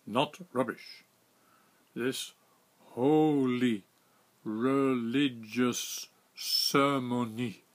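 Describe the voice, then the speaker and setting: A man voicing a stern ship's captain who speaks in clipped, broken English, loud and emphatic. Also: mid-range voice, steady tone, drawn-out words.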